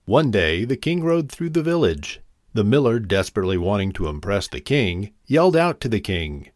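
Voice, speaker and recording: A man narrating a fairy tale in an expressive, animated reading. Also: lowish voice, normal speed, no echo, studio quality. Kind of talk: storybook narration.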